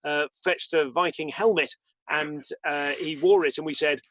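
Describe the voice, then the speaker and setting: A man's voice: a little high, steady tone, normal speed, a bit bright, no room sound. A man hosting a live-streamed comedy show, wry and rambling, with asides and the odd swear word. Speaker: host.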